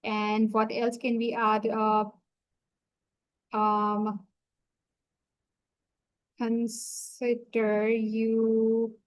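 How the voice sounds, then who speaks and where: A woman walking viewers through a software setup on a screen-share tutorial, talking through each click as she goes. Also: on the high side, monotone, rough recording. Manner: slow, explanatory, talks through each click. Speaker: software trainer.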